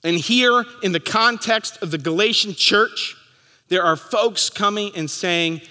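Bright-voiced pastor preaching in a reverberant hall. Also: male voice, high-pitched, a little slow. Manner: storytelling, acting out crowd voices. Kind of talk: sermon.

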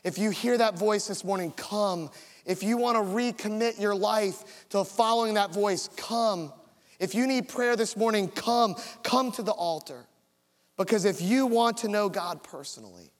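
A man's voice: sits high, long reverb tail. A man pastor telling a personal story in a sermon and leading into an altar call. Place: church sanctuary.

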